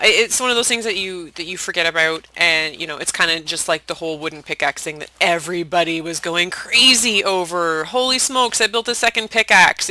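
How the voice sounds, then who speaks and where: A young adult chatting casually while playing a game, rambling and self-deprecating, sometimes dropping into soft whispered asides. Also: mid-range voice, gravelly, poor audio. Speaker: Minecraft let's-play host. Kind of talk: casual gameplay commentary.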